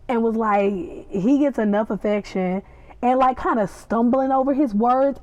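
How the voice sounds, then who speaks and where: A woman's voice: fairly high pitch, moderate pace, dry recording, low-quality recording. A young woman hosting a podcast, casually and animatedly retelling a TV episode and acting out the characters' lines. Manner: animated, gossipy retelling with acted-out quotes. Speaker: podcast host reviewing a TV episode. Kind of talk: casual chat.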